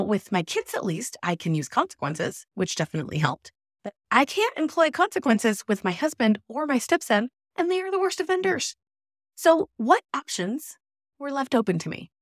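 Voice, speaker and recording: A woman's voice: mid-range voice, dry recording, studio quality. A middle-aged woman hosting a personal podcast, telling her story in an emphatic, exasperated way. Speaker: podcast host.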